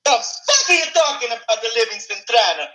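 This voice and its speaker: Mario, as a man puts on a squeaky, swearing plumber. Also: animated, a little fast, sharp tone, full character voice, poor audio. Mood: ranting. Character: foul-mouthed Italian plumber, short and brash.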